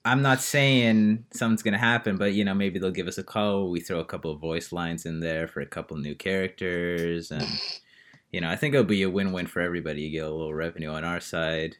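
A man co-hosting a casual podcast, joking and making mock-grand pitches to the listeners. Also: fairly even intonation, brisk, fairly bright tone, slight background noise. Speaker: podcast co-host. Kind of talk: casual chat.

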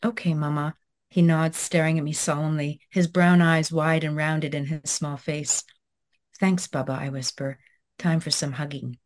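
A woman in her thirties, a guest talking reflectively in an interview with many pauses and restarts, then reading her own essay aloud. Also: low-pitched, flat delivery. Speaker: guest author.

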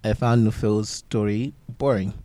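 Lowish-voiced guy cohosting a podcast, blunt and teasing. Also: steady tone, measured pace, warm tone, slight background noise. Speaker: podcast co-host. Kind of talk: casual podcast chat.

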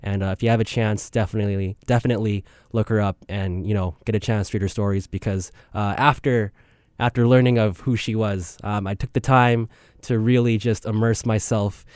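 A man's voice: fairly low pitch, steady tone, a little fast, a little mellow, clear, resonant tone, no echo, studio quality. A young man hosting a student podcast, speaking casually and rambling with many fillers and self-deprecating asides. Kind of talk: casual spoken intro.

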